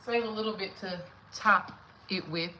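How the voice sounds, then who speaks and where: A woman's voice: medium pitch, moderate pace, pushed and bright, a little hiss or hum, low-quality recording. A young adult woman cooking at home on camera, chatting casually with her viewers, singing along to songs and laughing as she goes. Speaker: spiritual coach cooking on camera. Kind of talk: casual cooking vlog chat.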